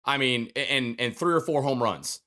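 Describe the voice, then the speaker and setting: Sports podcast guy, average voice, just chatting and thinking out loud. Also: mid-range voice, moderate pace. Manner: conversational, thinking aloud with fillers. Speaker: podcast host. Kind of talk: casual sports chat.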